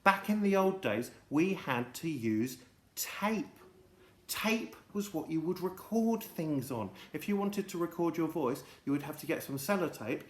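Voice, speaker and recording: A man's voice: on the high side, animated, normal speed, few pauses. A man hosting a comic children's show, rambling in a silly, mock-pompous way. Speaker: host. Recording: echoey room.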